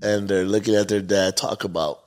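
Chill lowish guy hosting a podcast interview, asking questions. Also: fairly even intonation, moderate pace. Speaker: podcast host. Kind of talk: casual interview.

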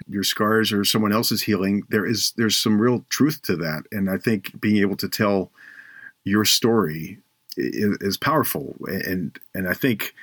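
A man hosting a faith podcast, telling a personal story earnestly and slowing down for emphasis. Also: fairly low pitch, fairly bright tone, slightly rough, no room sound, studio quality.

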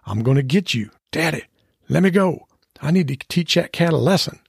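Man plays excitable territorial dog, blustering threats, husky tone. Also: a little high, moderate pace, no room sound, clean studio sound, voice pushed up, exaggerated voice. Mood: bristling. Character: excitable female border collie, territorial.

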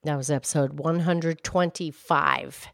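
A woman voicing a gentle, patient cow who cohosts a children's podcast. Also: deep voice, steady tone, a little slow, creaky, no echo, studio quality, full character voice. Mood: calm. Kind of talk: kids' podcast character play.

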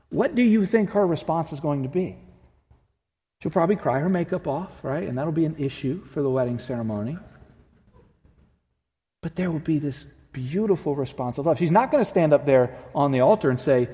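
A man preaching a sermon in a church, earnest and swinging from loud emphasis to hushed, quiet lines. His voice is mellow and dark. It rings out with the long reverb of a big hall. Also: fairly high pitch, lively intonation, moderate pace. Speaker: pastor. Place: church sanctuary.

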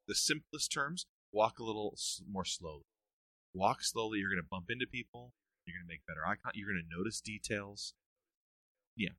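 A middle-aged man talking about youth ministry in a casual podcast interview, telling stories with earnest energy and quick laughs. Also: on the low side, lively intonation, pushed and bright, no room sound.

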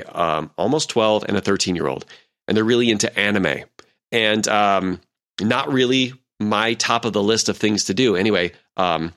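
A man's voice: lowish voice, fairly bright tone. A man in his forties hosting a podcast as a leadership coach, talking casually with many fillers and acted-out quotes. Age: 40s.

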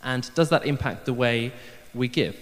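A man's voice: mid-range voice, moderate pace. A man giving a light-hearted church sermon, chatty and self-deprecating, with frequent ums. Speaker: preacher. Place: church hall. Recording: long hall reverb.

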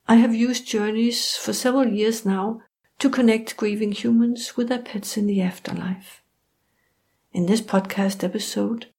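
A woman hosting a podcast, narrating a guided spiritual journey in a calm, meditative manner. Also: medium pitch, vocal fry. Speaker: podcast host. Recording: roomy echo.

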